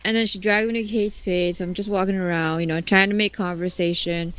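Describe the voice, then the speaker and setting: A woman streamer chatting casually and telling an animated story, swearing freely and acting out other people's lines. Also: lowish voice, a little fast, clean tone.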